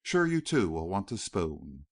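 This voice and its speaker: A man's voice: low-pitched, very animated, measured pace, darkish tone, no room sound, studio quality, heavily acted. A male narrator voicing a young Western woman with a cool, sweet drawl in an audiobook. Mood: teasing.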